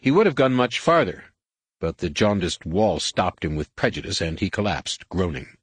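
Male narrator, scripted narration, lively pitch, dry close mic. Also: moderate pace, breathy edge, no room sound. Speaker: audiobook narrator.

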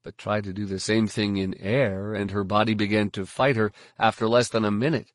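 Low-voiced man narrating an audiobook. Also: flat delivery, moderate pace, dry recording.

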